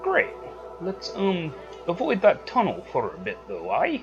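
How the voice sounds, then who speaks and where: A cheeky young rogue sidekick, put on by a man in a put-on brogue, talking in slow, unhurried swoops. His voice rides very high over loud game music. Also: wildly swooping pitch, highs cut off, full character voice. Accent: put-on Irish-like brogue. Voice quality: high light voice. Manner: chatty, irreverent.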